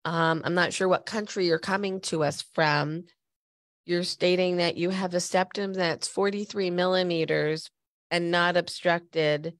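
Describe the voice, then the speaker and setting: Speaking in a voice on the low side with fairly even intonation, a woman hosts a podcast at a measured pace, and the recording has no echo. She's a bit stuffy from a cold as she chats, tells stories and addresses listeners directly.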